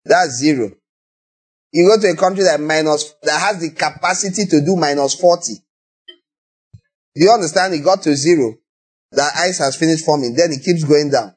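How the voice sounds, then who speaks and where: A man with a Nigerian accent preaching a sermon, animated and acting out little scenes in other voices. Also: a little high, normal speed, long pauses, breathy edge.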